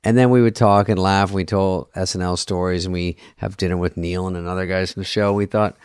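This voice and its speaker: A man's voice: low-pitched, steady tone, a little fast, a little mellow, clean tone, no echo, clean studio sound. A man co-hosting a podcast, telling wry, profane stories in casual comedic chat. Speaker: podcast co-host.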